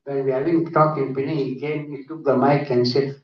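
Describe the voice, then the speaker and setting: A man giving a lively conference lecture full of anecdotes, often asking "isn't it?". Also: mid-range voice, normal speed. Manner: animated, often adds 'isn't it?'. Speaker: conference speaker. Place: conference hall. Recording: echoey hall, distant dull mic.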